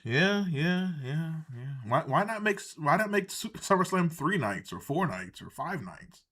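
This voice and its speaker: A man's voice: a little high, sing-song, unhurried, a bit bright. Sarcastic, ranting man. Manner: sarcastic, profane, exasperated. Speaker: live stream reaction host. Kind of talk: casual ranting commentary.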